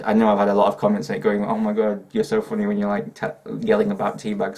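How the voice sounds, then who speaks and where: A man's voice: fairly low pitch, little pitch movement, fast, few pauses, a little mellow. A young man with a northern English accent, chatting hyperactively in a Q&A vlog, swearing and laughing often. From northern England. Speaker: YouTuber. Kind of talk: casual Q&A vlog.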